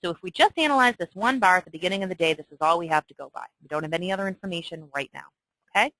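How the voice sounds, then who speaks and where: A woman's voice: fairly low pitch, expressive, very fast, fairly bright tone, no room sound, low-quality recording. A woman teaching stock chart reading in a chatty, emphatic way, often checking in with "okay?". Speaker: trading instructor. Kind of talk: screen-share trading tutorial.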